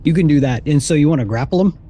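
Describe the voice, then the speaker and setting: A man narrating and ruling as dungeon master in an easygoing, quick way. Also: a little high, animated, mellow. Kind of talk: narrating a tabletop game.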